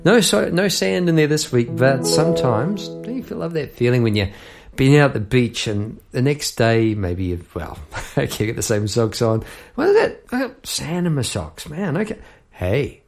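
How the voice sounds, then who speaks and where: Man, middle-aged, gravelly voice, casual jokey monologue, songwriter host, tangents and laughter. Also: medium pitch, a little mellow. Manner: chatty, jokey, goes off on tangents with frequent laughs. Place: home room at a piano.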